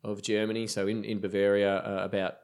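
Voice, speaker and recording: Low-voiced Australian man telling stories. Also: flat delivery, a little fast, clear, resonant tone. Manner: rambling, filler-heavy anecdotes. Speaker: brewer guest. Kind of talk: casual podcast storytelling.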